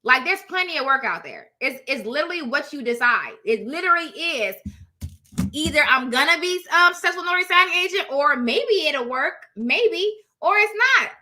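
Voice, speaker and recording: Woman, motivational coach; high, sharp voice, casual slang, blunt and emphatic. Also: very animated, moderate pace. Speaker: notary signing agent coach. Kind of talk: casual motivational live chat.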